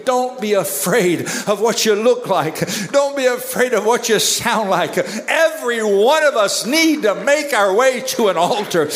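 A man preaching an impassioned altar-call sermon at a church service, moving between hushed and shouted prayer. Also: sits high. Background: musicians playing.

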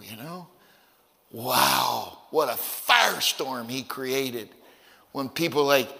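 A man preaching a sermon as pastor, telling stories in a folksy, conversational way, with stammered repeats, dropping low and then rising to loud, emphatic peaks. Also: animated, takes it slowly, creaky, long reverb tail. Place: church sanctuary.

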